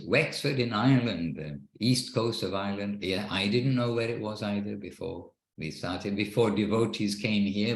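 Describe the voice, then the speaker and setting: An echoey room and poor audio surround this class leader's lowish voice. He runs a devotional class by video call from home in Wexford, Ireland, talking earnestly in a meandering way and frequently starting sentences over.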